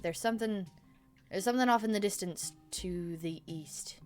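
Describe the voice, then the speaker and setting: A woman voicing a cautious female scout, hushed. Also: mid-range voice, quick pace, soft background music, natural voice. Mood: urgent.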